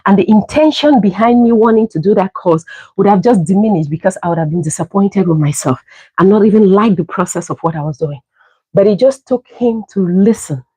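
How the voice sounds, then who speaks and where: A middle-aged woman telling a personal story on a livestream, lively and laughing often as she acts out the dialogue. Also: mid-range voice, brisk, slightly rough, no echo, rough recording. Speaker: livestream host. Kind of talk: casual storytelling.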